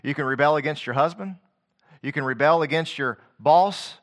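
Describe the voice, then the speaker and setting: A man preaching a sermon, quoting scripture in a rhythmic cadence and swinging from quiet low passages to loud, rising declamation. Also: normal speed.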